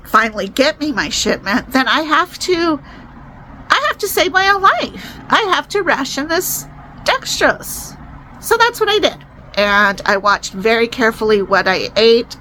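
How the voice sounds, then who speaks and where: A young woman telling a personal story to the camera, emotional and rising into high-pitched distress. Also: bright, forceful tone, slight background noise, low-quality recording. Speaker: vlogger.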